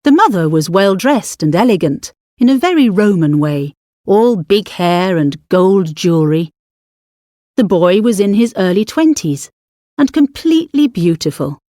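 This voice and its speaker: A woman narrates a story for an audiobook, reading a script in a measured, expressive style with pitch that rises and falls in a lively way. The sound is dry and close.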